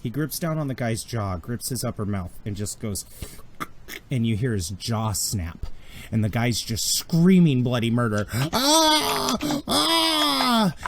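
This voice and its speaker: A man's voice: medium pitch, lively intonation, moderate pace, noisy background. A man narrating a tabletop game as game master, telling it vividly with occasional restarts. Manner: vivid, graphic storytelling with restarts.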